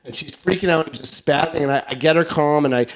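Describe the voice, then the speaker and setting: This is a man co-hosting a comedy podcast and spinning a casual anecdote. His voice sits a little high for a man. He rambles, stacks up fillers and drops swear words as he goes. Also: fast, a crowd in the background. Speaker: podcast co-host.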